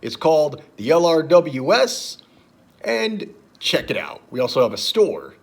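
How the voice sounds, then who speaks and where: A man's voice: a little high, sing-song, breathy edge. A young man talking casually on his vlog, telling jokes with lots of fillers and restarts. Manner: halting, many fillers and restarts, chuckles at own jokes. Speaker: vlogger.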